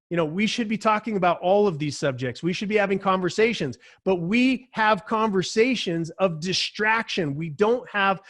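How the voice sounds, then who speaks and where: Host, male, fairly high-pitched; heated, profane opinion monologue. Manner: blunt, heated, swears often. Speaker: show host.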